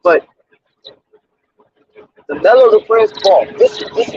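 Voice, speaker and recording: A man's voice: high-pitched, huge pitch swings, normal speed, pauses often, background noise. A man hosting his own sports commentary channel, talking in an emphatic, preachy and repetitive way with street slang, on a dull lo-fi recording. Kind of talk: off-the-cuff sports commentary monologue.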